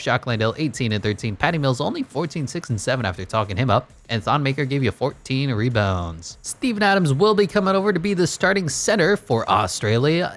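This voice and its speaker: Man doing sarcastic game commentary. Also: medium pitch. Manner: dry, joking, mock-announcer delivery. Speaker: gaming YouTuber.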